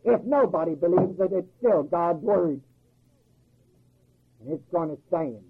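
A man's voice: high-pitched, animated, unhurried, husky. Folksy preacher man, tinny old tape. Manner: folksy, emphatic, rhetorical questions, chuckles at own jokes. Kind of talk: sermon. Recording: tinny phone-like old recording.

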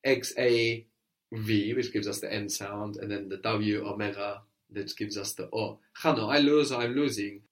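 Low-voiced male teacher who coaches patiently through question and answer. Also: steady tone, moderate pace. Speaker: language teacher. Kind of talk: guided language lesson.

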